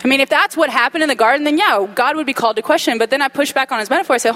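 Female preacher, slightly high-pitched, chatty and animated sermon delivery. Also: racing, few pauses, rough recording. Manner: animated, acts out quoted voices; conversational, humorous asides. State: dry mouth.

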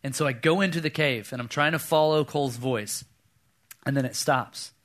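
A man's voice: mid-range voice, normal speed. A man in his thirties preaching a sermon, telling a personal story and acting out the voices in it. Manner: animated storyteller, acts out voices, drops to a hush for quoted lines. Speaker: pastor.

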